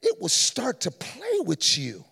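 A male pastor preaching a fervent sermon that rises to shouts, with drawn-out stresses, recorded in a church with long reverb. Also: very high-pitched, wildly swooping pitch, gravelly, husky.

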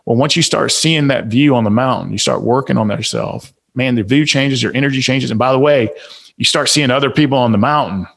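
A man's voice: medium pitch, brisk, vocal fry. A man with a Southern US accent, a guest on a podcast interview, giving motivational advice in a preachy, emphatic way full of rhetorical questions. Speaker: guest author and speaker.

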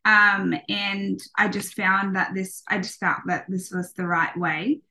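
Bright-voiced woman chatting as a guest. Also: mid-range voice, level tone, measured pace, a little hiss or hum. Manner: rambling, many ums and restarts. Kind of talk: casual podcast conversation.

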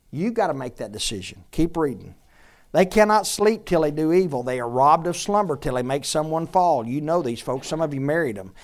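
A man preaching a sermon to a congregation, exhorting loudly at times and dropping to quiet asides. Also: on the high side. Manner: emphatic, swings from loud exhortation to quiet asides.

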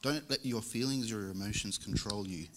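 A man's voice: fairly low pitch, a little fast, a bit bright, a little hiss or hum. A young man preaching a church sermon in a casual, joking way. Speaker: lay preacher. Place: church service.

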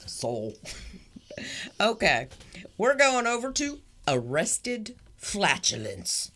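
A woman's voice: medium pitch, wildly swooping pitch, very slow, fairly bright tone. A woman co-hosting a podcast in casual chat, teasing and often laughing as she tells a story. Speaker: podcast co-host.

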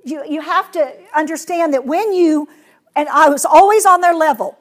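A woman with a high voice leads a hands-on workshop for teachers. She talks in an animated way and slips into playful voices to show how children answer. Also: normal speed. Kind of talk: classroom workshop talk.

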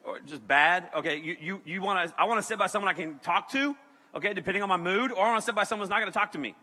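A pastor with a high-pitched voice races through a comedic sermon story in a big-sounding room. He's animated and keeps checking in with the audience by asking "okay?"

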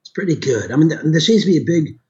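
A middle-aged voice actor and audiobook narrator from Chicago, USA, chats casually while nursing a sore throat. His voice is a little high, dark-toned and very animated, delivered fast on dull audio. He rambles, with many restarts and asides.

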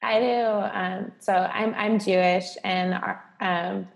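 Brief: woman, fry in the voice, sincere casual talk full of "like". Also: mid-range voice, steady tone, slow. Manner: heartfelt, leans on "like" as filler. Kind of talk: casual chat.

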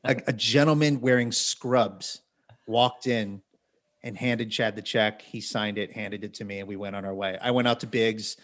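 A man's voice: fairly low pitch, fairly even intonation, normal speed, fairly bright tone. A man co-hosting a podcast, telling a long story in a rambling, wry way full of self-corrections and asides. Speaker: podcast co-host. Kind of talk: casual storytelling.

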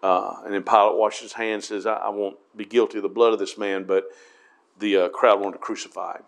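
A man's voice: fairly low pitch, flat delivery, fairly quick, vocal fry. A man, a pastor, teaching a Bible study in a conversational way, reading scripture aloud between casual fillers and asides.

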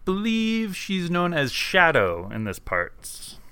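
A sly adventurer sliding over a bribe with a wry, teasing lilt, as a player puts him on. His voice is bright and clear, unhurried, and swings lively in pitch. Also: no room sound, exaggerated voice.

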